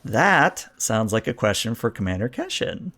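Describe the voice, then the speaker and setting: A man narrating and explaining rules as game master of a science fiction tabletop game, relaxed and explanatory, slowing down for emphasis. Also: fairly low pitch.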